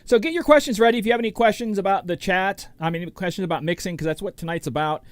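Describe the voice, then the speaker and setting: A man's voice: sits high, fast, smooth, dry recording. Chatty DJ host, a man with a dry, close sound. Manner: rambling, chatty, greets viewers by name. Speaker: DJ and show host. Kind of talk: casual livestream chat.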